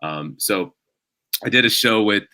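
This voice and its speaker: A man speaks as a stand-up comedian on a casual podcast. His voice sits low but cuts through with a bright, forceful edge. He rambles and pokes fun at himself. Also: lively intonation, measured pace, no room sound. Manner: rambling self-deprecating storytelling. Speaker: guest comedian.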